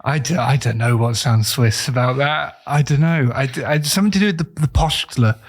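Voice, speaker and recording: A man co-hosting a casual podcast, musing his way through guesses with plenty of fillers. His voice sits at an ordinary middle pitch. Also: a little fast, husky. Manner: thoughtful, muses aloud with many fillers. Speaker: podcast co-host.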